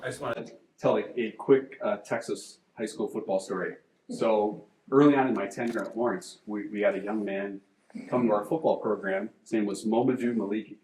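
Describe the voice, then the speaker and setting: A man's voice: on the low side, normal speed, a little hiss or hum. Male moderator, easy anecdotal delivery, roomy echo. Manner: relaxed anecdotal storyteller. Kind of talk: storytelling. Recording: echoey room.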